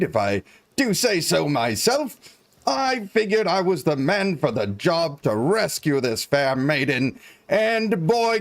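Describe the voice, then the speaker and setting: A man voicing a rustic, boastful male adventurer who tells a tall tale in slow, quaint, drawn-out folksy speech. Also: a little high.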